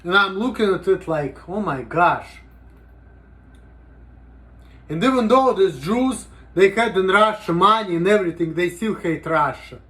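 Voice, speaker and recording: A man's voice: high-pitched, animated, a little slow, bright, forceful tone. A man talking casually in a rambling, profane vlog monologue, with "you know" in almost every sentence. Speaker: vlogger.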